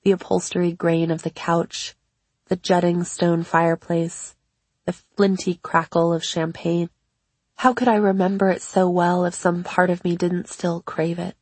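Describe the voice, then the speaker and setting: A woman with a somewhat low, breathy voice reads a memoir in scripted audiobook narration. Her delivery is measured and reflective, and the recording is close and dry. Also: little pitch movement, darkish tone, dry recording. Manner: measured, reflective first-person reading.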